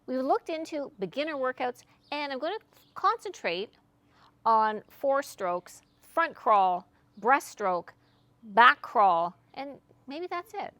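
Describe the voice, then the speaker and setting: A woman's voice: high voice, very animated, slow, fairly bright tone, no room sound. A woman in her sixties talking to camera about her workouts in a chatty, candid, self-deprecating way. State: out of breath after swimming. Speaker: fitness vlogger. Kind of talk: casual talk to camera.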